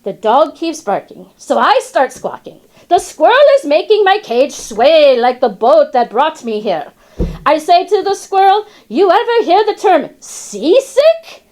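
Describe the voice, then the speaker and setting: Voicing a wry, chatty female parrot from a classroom story, the woman sounds high-pitched and darkish in tone. She's very animated yet keeps a measured pace, rhyming, tossing off sly asides, and using Spanish words.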